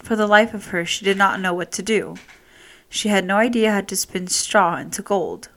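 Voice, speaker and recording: A woman storyteller reading a fairy tale aloud with steady, expressive delivery. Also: medium pitch, moderate pace.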